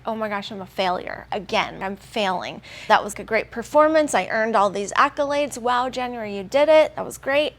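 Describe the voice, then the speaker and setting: A woman in her forties with a Southern American accent, telling her personal fitness story in an earnest, emotional testimonial. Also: mid-range voice. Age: 40s. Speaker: gym client giving a testimonial. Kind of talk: testimonial interview.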